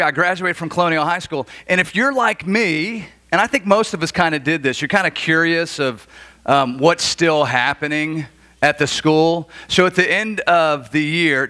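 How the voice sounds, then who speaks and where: A man in his forties from Florida, preaching a sermon as a pastor and telling stories with animated, acted-out dialogue. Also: a little high. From Florida, USA. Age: 40s. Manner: animated storytelling, acts out dialogue. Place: church.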